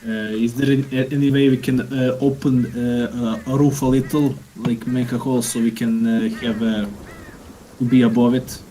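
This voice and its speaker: A man's voice: mid-range voice, flat delivery, moderate pace, warm tone, a little hiss or hum, rough recording. Hesitant man fumbling through a plan. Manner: hesitant, lots of filler sounds. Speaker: player. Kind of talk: casual tabletop game chat.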